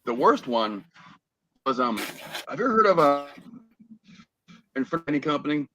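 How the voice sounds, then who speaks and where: A man's voice: on the high side, very animated, normal speed, sharp tone, a little hiss or hum. A man telling a rambling story as a guest on a podcast, full of fillers and restarts. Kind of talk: casual chat on a call.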